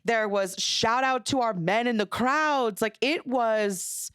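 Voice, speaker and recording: A woman in her thirties co-hosting a casual recap chat, reacting with lively, exclamatory storytelling. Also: a little high, slow pace, smooth, no room sound, clean studio sound. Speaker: podcast co-host.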